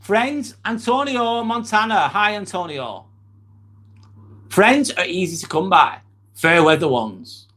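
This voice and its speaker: A man's voice: sits high, expressive, slow, sharp tone. A man, hosting a casual live stream, talking bluntly and candidly while answering chat comments. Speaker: livestream host.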